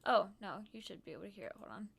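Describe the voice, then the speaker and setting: A woman's voice: mid-range voice, sing-song, racing, gravelly, fairly bright tone, breathy edge. A woman streamer chatting casually about her trip while showing photos, bubbly and giggly with lots of "um" and "like".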